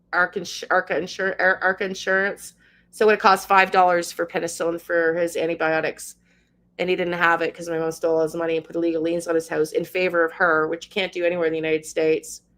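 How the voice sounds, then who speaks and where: Lady in her 50s ranting, choked up, lowish voice. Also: fairly bright tone. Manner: impassioned ranting, fighting back tears. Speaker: tarot channel host. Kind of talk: emotional personal monologue.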